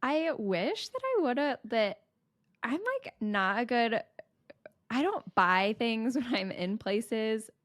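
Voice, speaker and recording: A young American woman co-hosting a podcast, explaining her views in a measured, conversational way. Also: fairly high pitch, lively intonation, no room sound, studio quality. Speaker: podcast co-host. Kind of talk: casual chat.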